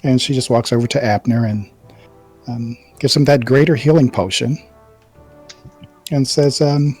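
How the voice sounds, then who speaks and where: A man's voice: mid-range voice, unhurried, long pauses, breathy edge, faint music behind. A man running a tabletop role-playing game as game master, narrating at an easy pace with many ums. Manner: narrates with frequent ums, relaxed.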